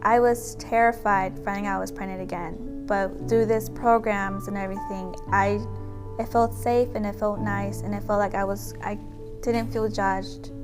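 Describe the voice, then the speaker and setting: A woman's voice: mid-range voice, fairly even intonation, moderate pace, over music. A young woman telling her own story as a pregnancy center client, chatty and emotional, full of gratitude. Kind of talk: testimonial video.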